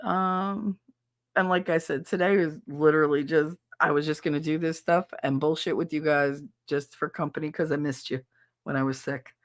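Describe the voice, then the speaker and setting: A woman with a lowish voice chats loosely with her live-stream viewers, blunt and crude and quick to laugh. Her voice sits close and dry on the mic, with no room around it. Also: steady tone, no room sound. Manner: candid, crude and giggly, chatting to viewers. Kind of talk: casual live-stream chat.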